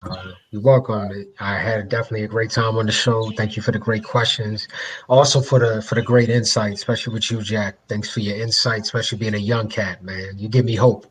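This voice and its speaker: Male interview guest, musician; upbeat, slangy, low voice. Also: flat delivery, fairly quick. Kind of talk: casual interview talk.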